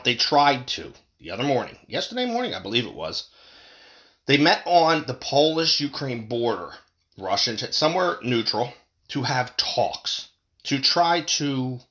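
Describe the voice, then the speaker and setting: A man giving a profane, angry political rant, with big swings in pitch when he stresses a point. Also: fairly bright tone. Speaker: political commentator.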